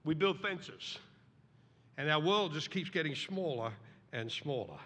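A middle-aged man preaching a sermon as pastor, animated and acting out voices in the story. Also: fairly high pitch, a little slow, husky. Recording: long reverb of a large hall.

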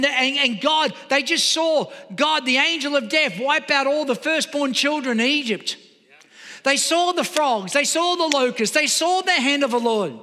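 A man preaching with a very high, piercing bright voice. He presses his points hard and keeps asking the crowd rhetorical questions. His words ring out with a long hall reverb. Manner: emphatic, asks the audience rhetorical questions. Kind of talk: sermon.

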